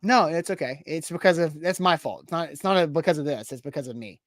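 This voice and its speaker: A man's voice: fairly high pitch, fast talker, dry recording, clean studio sound. A man hosting a live sports podcast, chatting casually and reading sponsor spots. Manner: chatty, reads sponsor ads. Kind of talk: casual live-stream chat.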